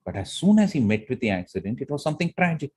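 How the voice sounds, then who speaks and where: A man's voice: mid-range voice, sing-song, fast, dark tone, husky. A man teaching public speaking who asks the class frequent questions. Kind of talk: classroom lesson on voice modulation.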